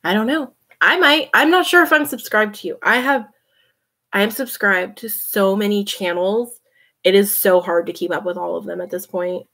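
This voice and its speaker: A woman's voice: medium pitch, moderate pace, vocal fry, fairly bright tone. A woman hosting a casual late-night livestream, chatting, reading comments and laughing often. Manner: chatty, laughs often, talks to her cat. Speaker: livestream host.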